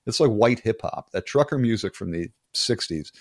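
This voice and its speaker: A man's voice: on the low side, lively intonation, moderate pace, no echo, studio quality. A man in his sixties from the Philadelphia area, telling stories in a casual interview with a wry tone and frequent laughs. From Philadelphia area, United States. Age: 60s. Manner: wry, storytelling, laughs often. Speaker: interview guest, author.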